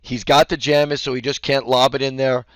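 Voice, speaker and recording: A man coaching basketball, explaining defense casually and acting out the calls he yells courtside. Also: mid-range voice, flat delivery, fairly quick, dry recording, studio quality. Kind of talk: instructional talk.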